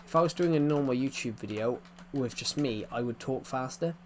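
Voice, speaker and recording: Young man, English accent, game streamer, casual rambling chat, repeats and restarts sentences, middling pitch. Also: brisk, darkish tone, a little hiss or hum. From England.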